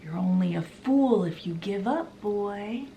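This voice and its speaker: A woman voicing a creepy, scheming old male prisoner in a low, hushed, sinister voice. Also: lively intonation, a little slow, a little hiss or hum, rough recording.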